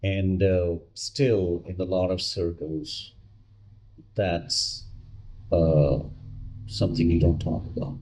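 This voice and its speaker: Deep-voiced man hosting an interview. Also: steady tone, dark tone. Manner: reflective, measured comments with hesitations. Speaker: host. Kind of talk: casual interview.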